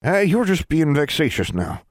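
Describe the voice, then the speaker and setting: A man's voice: on the high side, big pitch swings, moderate pace, no room sound, voice pushed up. A man playing a kindly old Ozark granny. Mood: folksy. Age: elderly. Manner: folksy drawl. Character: kindly old granny witch, folksy and patient.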